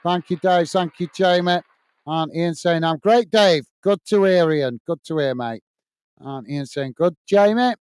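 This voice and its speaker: A man's voice: fairly high pitch, a little slow, a little mellow, smooth, no echo, clean studio sound. A man hosting a football watch-along, chatting casually, reading out viewer messages and calling the play. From United Kingdom. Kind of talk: casual live commentary and chat reading.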